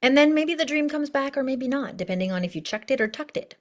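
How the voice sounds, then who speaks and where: A woman's voice: high-pitched, animated, fast talker. A woman life coach teaching an online course lesson in a bubbly, chatty way, full of asides.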